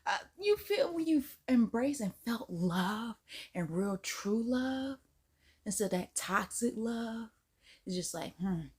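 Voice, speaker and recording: Woman, reaction host, lively swooping delivery, quick to laugh. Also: fairly high pitch, husky. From Southern US. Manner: animated, laughing often, slangy. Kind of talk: casual reaction commentary.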